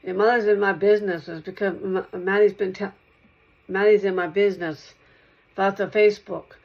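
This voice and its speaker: Soft, rambling woman on a dull recording. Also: mid-range voice, fairly even intonation, moderate pace, creaky. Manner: repetitive, circling back over the same points, soft-spoken. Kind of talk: rambling spoken monologue to one listener.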